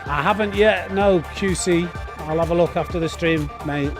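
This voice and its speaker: Music plays behind a man whose voice sits a little high as he chats at a moderate pace on a live stream. He reads chat aloud and keeps restarting his sentences, with lots of fillers.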